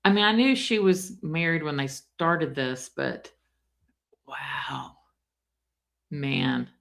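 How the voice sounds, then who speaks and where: A woman's voice: deep voice, big pitch swings, slow pace, creaky, fairly bright tone. A woman commenting on a trial on a live stream, chatty and exclaiming, talking straight to her chat. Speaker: true crime commentator.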